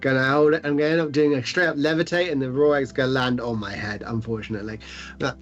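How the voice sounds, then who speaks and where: A man's voice: mid-range voice, fairly even intonation, fast talker, faint music behind. A man playing a tabletop game, describing his actions in a rambling, jokey way. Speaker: player. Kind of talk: tabletop game play, casual chat. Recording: muffled lo-fi stream audio.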